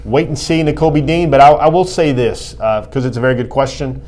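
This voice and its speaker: Speaking briskly in a medium-pitched, somewhat mellow voice with fairly even intonation, a man analyzes college football recruiting on a sports talk segment. His explanations are considered, though peppered with fillers.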